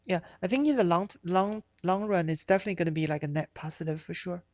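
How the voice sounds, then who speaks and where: A woman's voice: on the low side, fast talker, a little mellow, dry recording, clean studio sound. Rambling, profane woman streamer. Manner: rambling, profane, many fillers and restarts. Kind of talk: casual live-stream chat.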